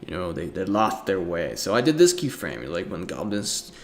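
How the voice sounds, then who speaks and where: A man's voice: deep voice, big pitch swings, normal speed. A young man giving a casual art lecture, talking loosely with many fillers and breaking into acted voices and sound effects.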